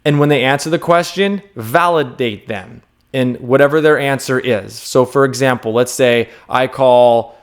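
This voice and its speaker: A man's voice: medium pitch, moderate pace. A man in his thirties talking straight to camera, giving unscripted self-help advice in an earnest, emphatic way, repeating key words and checking in with the viewer. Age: 30s.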